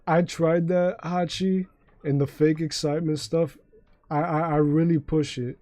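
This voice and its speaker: A man's voice: fairly high pitch, steady tone, measured pace, warm tone, dry recording. A young man streaming a game live, chatting in a laid-back, rambling way with frequent swearing and restarts. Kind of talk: casual livestream chat.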